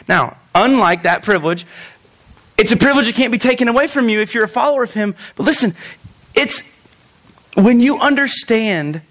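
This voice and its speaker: A young man preaching with a high-pitched voice. He swings between loud, quick bursts and slow, drawn-out stretches, throws in jokes, and speaks straight to the congregation. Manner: animated, joking asides, talks straight to the congregation. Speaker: pastor. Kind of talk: sermon.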